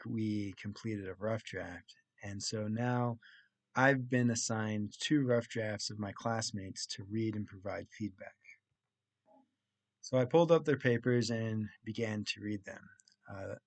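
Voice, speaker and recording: Slow, low-voiced young man recounting. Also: no room sound. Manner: plainly retelling a story step by step, with pauses and restarts. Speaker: college student. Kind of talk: casual vlog recap of a class week.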